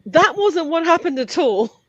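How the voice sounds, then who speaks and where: A woman, a comedian telling a comic anecdote in an animated way. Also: very high-pitched, unhurried, no room sound. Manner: animated storytelling. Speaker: comedian panelist. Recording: dull, dry sound.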